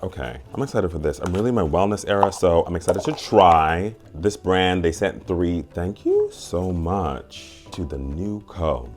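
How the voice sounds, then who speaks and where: Male vlogger, low and animated, gushing product reviews over light background music. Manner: playful, gushing, sudden high squeals. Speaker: candle and perfume reviewer. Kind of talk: casual unboxing vlog.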